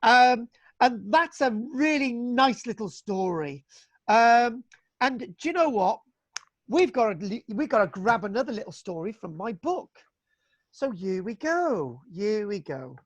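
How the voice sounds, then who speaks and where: A man's voice: very high voice, lively intonation, measured pace, no room sound. A man lecturing on local history over a video call in a chatty, folksy way, with many fillers and restarts. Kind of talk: online illustrated history lecture.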